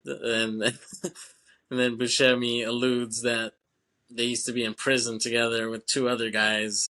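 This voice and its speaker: A man with a bright, forward voice chats casually as a podcast co-host. He laughs often and swears freely while recapping a film. He slips into quick impressions of the characters' lines. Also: medium pitch, little pitch movement.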